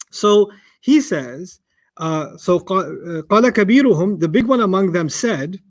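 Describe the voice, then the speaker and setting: A man with a fairly high voice delivers a Quran lecture to listeners. He talks in an animated way, asking rhetorical questions and slipping into little acted-out bits of dialogue. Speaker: Quran teacher.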